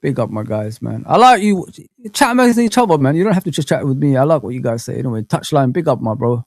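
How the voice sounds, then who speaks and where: A man hosting a live football fan chat, talking casually and reading viewers' comments, with plenty of slang fillers and animated rambling. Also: mid-range voice, fast talker, dry recording.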